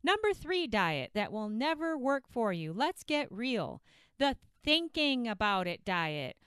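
A woman's voice: fairly high pitch, sing-song, unhurried, fairly bright tone, clear, resonant tone, dry recording, clean studio sound. A woman hosting a weight-loss podcast, talking bluntly and a little profanely into a podcast mic. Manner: blunt, outspoken, mildly profane. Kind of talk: blunt motivational podcast talk.

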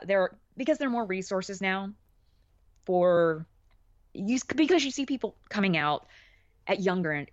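Animated woman podcast guest, lo-fi. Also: mid-range voice, dry recording. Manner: animated, laughing, many restarts. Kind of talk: casual chat. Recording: dull dry lo-fi audio.

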